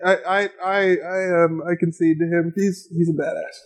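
A man's voice: sits high, level tone, normal speed, rough recording. A young man co-hosting a casual podcast, rambling with lots of fillers and restarts and laughing often. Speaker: podcast co-host. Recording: amateur home podcast recording.

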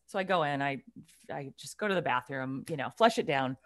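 Animated, blunt woman telling a story. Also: a bass voice, a little fast. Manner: animated, blunt, swears freely, restarts the story. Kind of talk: casual storytelling chat.

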